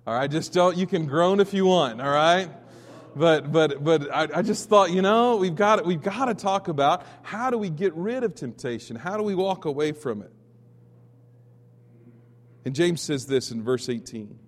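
A man from Texas preaching a Sunday sermon in a somewhat high voice. He tells stories with many restarts and jumps to sudden loud peaks. His voice rings with the long reverb of a church hall. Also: animated, normal speed. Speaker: pastor.

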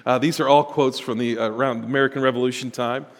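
A man preaching a sermon in a church, animated and building to emphatic bursts. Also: medium pitch, fast. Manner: animated, rising to emphatic bursts, with chuckles and repetitions. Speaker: pastor. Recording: long reverb of a large hall.

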